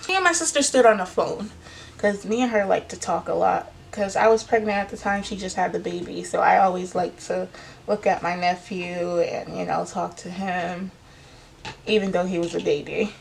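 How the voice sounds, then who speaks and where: A woman's voice: fairly low pitch, moderate pace, gravelly, slight background noise. A young woman vlogger telling a personal story in a casual, emotional way, acting out what others said. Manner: emotional, retells events by acting out others' words.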